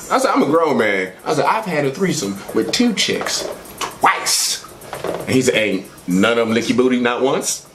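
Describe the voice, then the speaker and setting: A man doing stand-up, telling a crude story in a loose, animated way and voicing his friends' lines. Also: fairly low pitch, reverberant. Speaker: stand-up comedian.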